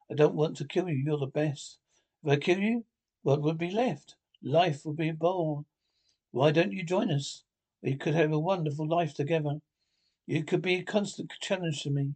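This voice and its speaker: A man speaking in a 1960s British TV drama with crisp stage diction, theatrical and mocking. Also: a little high, darkish tone. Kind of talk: TV drama dialogue audio.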